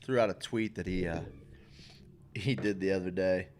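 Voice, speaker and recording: A man's voice: sits low, steady tone, normal speed, darkish tone. A married man co-hosting a show, rambling and swearing casually with lots of fillers and restarts. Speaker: podcast co-host. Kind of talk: casual chat.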